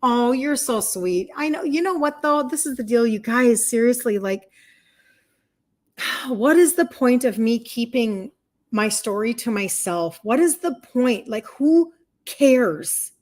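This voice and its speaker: A woman's voice: a little high, lively intonation, measured pace. A woman in her fifties, a health and wellness coach, chatting heartfelt and open on a livestream and reading viewer comments. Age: 50s.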